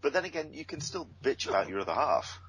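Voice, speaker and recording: A man's voice: a little high, sing-song, fast talker, fairly bright tone, slight background noise, poor audio. A man with an English accent, amused and apologetic in casual podcast chat. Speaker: podcast guest.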